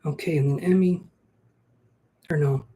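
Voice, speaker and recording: A man's voice: a little high, steady tone, a little slow, warm tone. A man hosting a casual live-stream tarot reading, chatty and self-joking, thinking aloud as he greets viewers and shuffles cards. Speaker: tarot reader.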